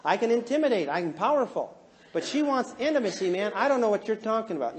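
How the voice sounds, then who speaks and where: Speaking fast with a crowd audible in the background, a fairly high-voiced middle-aged counselor entertains a seminar audience with funny stories. He pokes fun at himself and shifts between quiet, sincere asides and loud, animated bursts.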